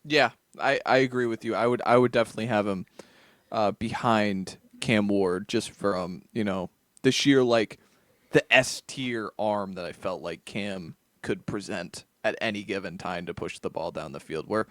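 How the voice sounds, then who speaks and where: A man's voice: on the low side, normal speed, fairly bright tone, dry recording, studio quality. A man co-hosting a football podcast, chatting casually and loosely, often restarting his sentences. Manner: loose, conversational, many restarts. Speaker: co-host. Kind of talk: casual chat.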